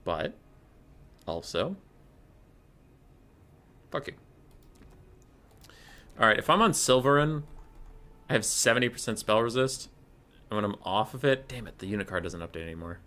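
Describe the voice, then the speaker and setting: A man streaming a strategy game, giving casual commentary in an excitable way, swearing and talking to himself as he plays. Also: lowish voice, moderate pace, long pauses.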